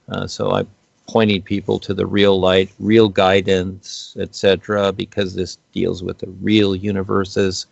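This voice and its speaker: A man's voice: on the low side, gravelly, dry recording, dull audio. A man speaking as a guest on spiritual topics, explaining in a rambling way with many fillers and restarts.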